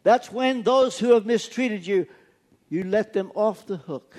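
Man, sermon, earnest storytelling, emphatic repetition, unhurried. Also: high-pitched, a little mellow. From United States. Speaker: preacher.

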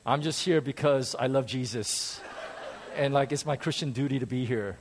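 Guy doing a grumpy churchgoer, muttering low grudges to himself. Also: normal speed, close to an everyday voice. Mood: grumbling.

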